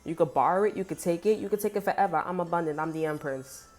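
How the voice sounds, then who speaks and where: A woman's voice: on the low side, fast, darkish tone, faint music behind. A woman giving a casual tarot reading, blunt and sassy, swearing freely and talking straight to the viewer. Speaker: tarot reader.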